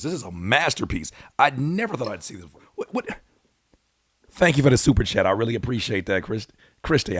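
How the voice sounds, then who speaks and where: An excitable man on a casual live reaction stream, his voice leaping around in pitch as he bursts out and then drops to a mutter. He mixes read-aloud notes with slangy commentary. The sound is dry and close, with no room echo. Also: slightly rough. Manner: excitable, swings from loud exclamations to muttering. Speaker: YouTube host reacting to a song.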